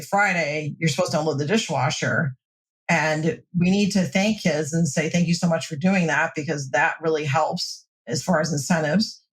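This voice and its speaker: A woman mental health counselor giving steady, reassuring advice in a podcast interview. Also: sits low.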